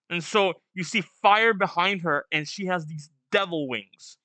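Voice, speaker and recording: A man hosting a casual manga read-along, reading lines aloud and chatting through quick asides. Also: on the high side, bright, forceful tone, no room sound. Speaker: manga reaction host.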